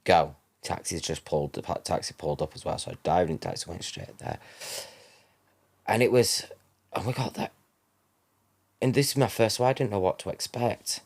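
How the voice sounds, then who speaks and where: Guy, 30s, lowish voice, rambling story, keeps correcting himself. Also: moderate pace, vocal fry, slightly rough. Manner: rambling, self-correcting, acts out quoted dialogue. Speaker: guest. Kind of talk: personal storytelling.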